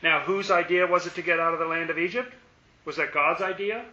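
A man's voice: on the high side, brisk, bright, forceful tone. A man teaching a Bible study, asking questions and playfully dramatizing the scripture. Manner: asks questions, dramatizes the verses with playful exasperation. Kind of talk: interactive scripture lesson. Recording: echoey room, slightly dull sound.

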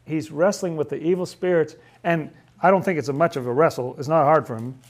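A man's voice: a little high, steady tone, brisk. A man leading a casual Bible study, chatty and laughing often, who acts out the figures' lines in playful voices.

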